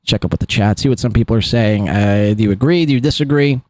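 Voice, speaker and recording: A man's voice: fairly low pitch, quick pace, darkish tone, no room sound, studio quality. A man hosting a live podcast, rambling through clip commentary with lots of fillers and laughs. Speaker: podcast host.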